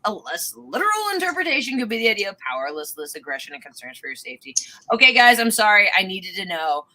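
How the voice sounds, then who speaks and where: A woman hosting a casual livestream talk show, reading aloud haltingly and laughing often. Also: mid-range voice, very animated, bright, forceful tone, poor audio. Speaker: host.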